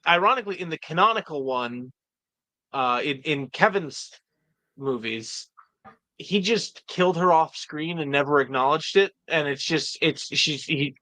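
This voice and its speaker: A man's voice: a little high, sharp tone, no room sound. A man guest in a casual chat, eagerly explaining and tripping over his words. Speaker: fan editor, guest.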